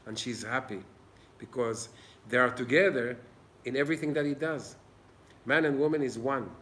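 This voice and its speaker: A man's voice: medium pitch, normal speed, a bit bright. A man giving an informal Torah class in an old synagogue, earnest and plain-spoken. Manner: earnest, plain-spoken, acts out little dialogues. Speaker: Torah teacher.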